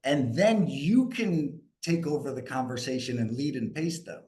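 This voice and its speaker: A man from New York coaching a group live, energetic and asking the group questions. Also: mid-range voice, moderate pace. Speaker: sales coach.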